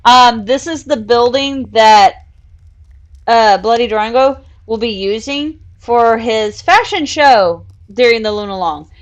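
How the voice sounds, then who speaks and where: A woman with a somewhat high voice hosts a casual live stream, talking unhurriedly as she builds in a virtual world. She chats, giggles often, and coos at her cats between tasks. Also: a little slow. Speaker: streamer and show host.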